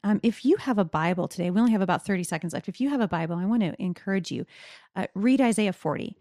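A woman's voice: mid-range voice, expressive, quick pace, dark tone, no room sound, clean studio sound. A middle-aged woman co-hosting a faith podcast, speaking earnestly and personally to encourage listeners. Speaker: podcast co-host.

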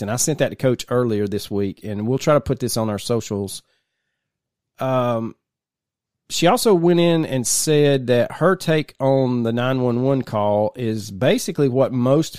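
A man's voice: medium pitch, darkish tone, dry recording, studio quality. A man co-hosting a casual podcast, rambling through stories and laughing often. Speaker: podcast co-host.

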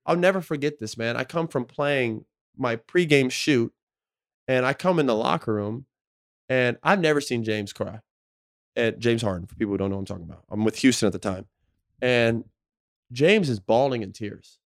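Podcast co-host, man in his thirties, slangy, profane and emotional, mid-pitched voice. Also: normal speed. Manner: emotional storytelling, slangy and profane, full of "like" and "bro". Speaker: podcast co-host, former pro basketball player. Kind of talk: casual podcast chat.

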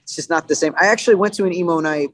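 Relaxed young man, laughing easily. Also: on the high side, very fast, dry recording. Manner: relaxed, laughs often, swears casually. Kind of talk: casual chat.

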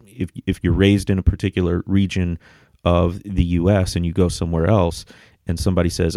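A man co-hosting a podcast, discussing theology in a measured, articulate and emphatic way. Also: low voice, little pitch movement, warm tone, dry recording, clean studio sound. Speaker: podcast co-host.

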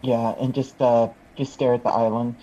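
A man's voice: medium pitch, level tone, normal speed, warm tone, lo-fi sound, slight background noise. A man playing a tabletop game, asking hesitant questions full of fillers. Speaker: player. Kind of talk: casual tabletop game talk.

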